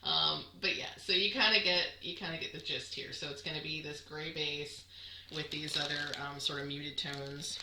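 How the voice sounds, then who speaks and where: Woman, low voice, rambling show-and-tell host, echoey room with noise behind. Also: steady tone, normal speed, sharp tone. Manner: chatty, rambling, many ums, laughs at herself. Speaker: knitting podcast host. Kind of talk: casual show-and-tell chat.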